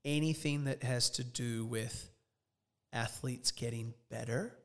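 A man's voice: medium pitch, fairly even intonation, slow pace, long reverb tail. A man co-hosting a podcast, chatting casually and telling stories with some swearing. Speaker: podcast co-host.

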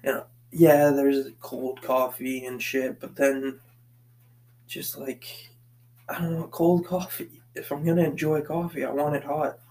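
Here the Boston-area podcast host rambles solo from his basement, pacing, cursing nonstop, and meandering between ideas. His mid-range voice is flat and a little mellow, his pace measured, and the recording quality rough.

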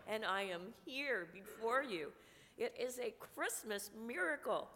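A woman pastor with a cold preaching a sermon, slow and earnest with touches of humor. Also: a little high, lively intonation, sharp tone. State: has a cold, coughing. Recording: long reverb of a large room.

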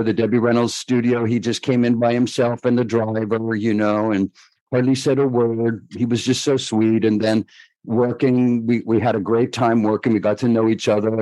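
An older man, a guest choreographer, telling stories in a chatty, animated way and laughing along. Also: mid-range voice, no echo, low-quality recording. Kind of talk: storytelling interview.

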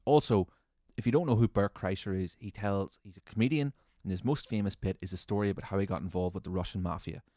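A man's voice: deep voice, fast talker, no echo, clean studio sound. Sweary man ranting sarcastically. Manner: sweary, sarcastic, bursts into loud mocking rants. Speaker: comedy podcast host. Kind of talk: ranting comedic monologue.

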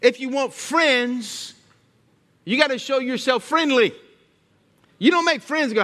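A high-voiced man preaches a sermon in church. He calls out to the congregation as he makes his points. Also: a little slow, pushed and bright.

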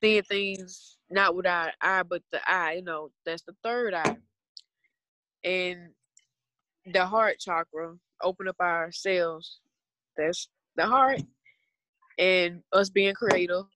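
A woman's voice: on the low side, slow, fairly bright tone. A woman in her twenties with a Southern US accent, chatting casually and earnestly on a podcast in a rambling way. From Southern United States. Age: 20s. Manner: rambling, earnest, talks about spirituality.

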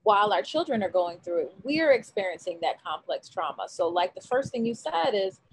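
A woman's voice: mid-range voice, big pitch swings, brisk, slight background noise, rough recording. A woman hosting a panel discussion, casual and reflective.

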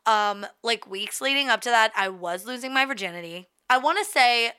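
A woman's voice: a little high, lively intonation, moderate pace, sharp tone, clear, resonant tone. A woman in her thirties co-hosting a casual chat, giggly and saying "like" a lot. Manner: giggly, chatty, says "like" often. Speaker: podcast co-host.

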